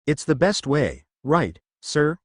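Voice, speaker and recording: A man's voice: on the high side, very animated, slow pace, no room sound, clean studio sound, full character voice. A man voicing a formal, eager teenage boy in a story reading. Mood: formal earnest. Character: earnest, formal teenage boy class leader.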